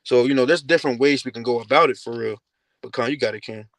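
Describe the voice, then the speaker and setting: A man's voice: mid-range voice, quick pace, dry recording, poor audio. A man speaking casually about scripture, ending lines with "man.". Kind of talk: scripture teaching.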